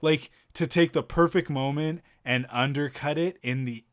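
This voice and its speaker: A man's voice: a little high, moderate pace, clean tone, no echo, clean studio sound. A man co-hosting a podcast, enthusiastically retelling a film scene in casual chat, often restarting his sentences. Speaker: podcast co-host reviewing a film.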